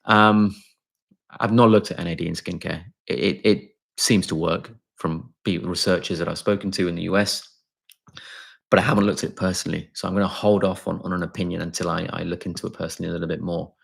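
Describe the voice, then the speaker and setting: A man with a low voice and a gravelly fry hosts a relaxed live question-and-answer stream as a doctor. He reads viewer questions aloud and answers off the cuff, often restarting his sentences and filling pauses with ums. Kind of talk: casual live Q&A.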